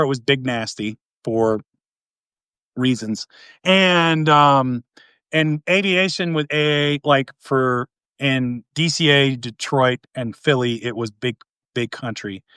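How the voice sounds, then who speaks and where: A man's voice: a little high, clean tone, dry recording, clean studio sound. A middle-aged man from East Tennessee, chatting casually as a podcast host and telling stories, acting out the voices of the people in them. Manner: animated storyteller, acts out quoted voices. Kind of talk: casual storytelling chat.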